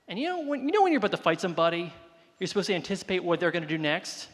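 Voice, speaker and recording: A man doing a stand-up comedy set before a live audience, telling animated self-deprecating stories. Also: sits high, rapid-fire. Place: live venue with audience, reverberant room. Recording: live venue with long reverb.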